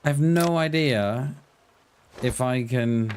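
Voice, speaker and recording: A man's voice: mid-range voice, slow pace, a little hiss or hum. A man casually chatting to viewers as he plays a survival game, greeting them by name and thinking aloud. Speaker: streamer playing a survival game. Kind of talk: casual live-stream chat.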